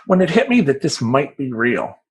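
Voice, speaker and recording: A man who works as a life coach, telling a personal story in a profane, rambling, animated way. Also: medium pitch, normal speed, slight background noise, rough recording.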